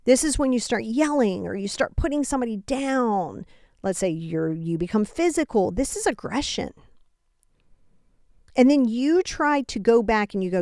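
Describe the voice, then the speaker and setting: A woman talks through self-help advice in a loose, conversational way and keeps acting out short back-and-forth exchanges. Her voice sits a little high. The recording is dry and close, with no room sound. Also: normal speed, dry recording. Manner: animated, acts out quoted exchanges, frequent asides. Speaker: podcast host. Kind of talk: casual self-help talk.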